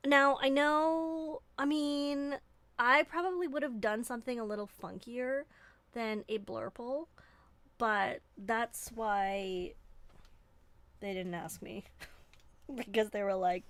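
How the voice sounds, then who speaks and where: A woman's voice: fairly high pitch, takes it slowly, long pauses, fairly bright tone, no room sound. A woman from Canada hosting a live stream, chatting in a rambling, playful, self-mocking way from a desk indoors. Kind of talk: casual live-stream chat.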